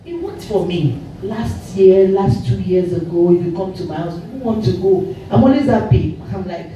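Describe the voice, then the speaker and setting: A woman's voice: on the low side, normal speed. Nigerian woman, echoey hall talk. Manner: lively storytelling, mixing in Yoruba, often laughing. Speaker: actress giving a public talk. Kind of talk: motivational talk to a live audience. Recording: echoey hall, voice far from mic, faint noise.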